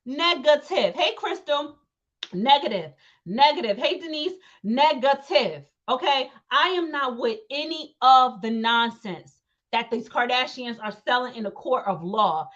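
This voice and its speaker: A young woman with a high, bright pitch delivers a heated commentary rant, leaning hard on repeated words for emphasis. Her voice comes through a dull, lo-fi home recording. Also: a little slow. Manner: emphatic, repetitive, acts out quotes. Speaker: commentary channel host.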